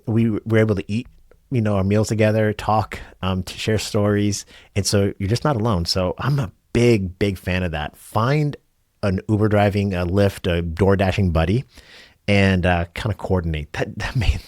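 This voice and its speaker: A middle-aged man with a deep, low voice talks earnestly to camera about lessons from his work as a driver. He rambles along with fillers and restarts. The sound is dry and close, with no room around it. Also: no room sound. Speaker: rideshare driver and channel host. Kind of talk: casual reflective talk to camera.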